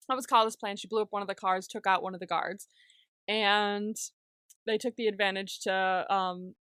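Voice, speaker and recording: Bright, animated woman recapping a show. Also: medium pitch, smooth, no room sound. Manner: animated, laughs often, acts out characters' lines, swears freely. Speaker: podcast co-host. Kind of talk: casual TV recap chat.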